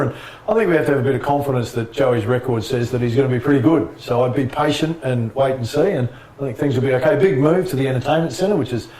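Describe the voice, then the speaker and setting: Australian man, quick talker, laughing storyteller, echoey room, a little off mic. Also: mid-range voice, far from the mic. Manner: animated anecdotes, laughs often. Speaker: former basketball player, guest. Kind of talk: casual storytelling interview.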